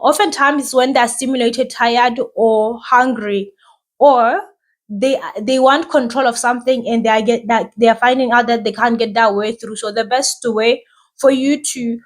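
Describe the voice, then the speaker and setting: A woman who hosts a podcast and talks as a mother, giving casual, reassuring advice and often asking "right?". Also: a little high.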